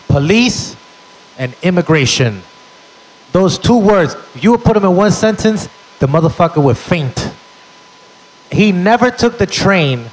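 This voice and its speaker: Brash male stand-up comedian, somewhat high. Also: poor audio. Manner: brash, punchy storytelling with crowd call-outs. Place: on stage at a live venue.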